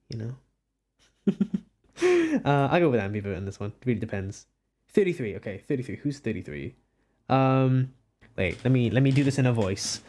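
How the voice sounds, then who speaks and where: Casting: teenage streamer, casual and giggly, very animated pitch, self-deprecating chatter. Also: a little fast. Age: about 19. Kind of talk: casual live-stream chat while drawing.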